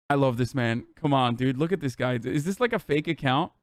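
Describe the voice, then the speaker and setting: A man doing casual livestream commentary, profane, sarcastic and animated. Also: fairly high pitch, normal speed, no room sound, studio quality. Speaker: streamer.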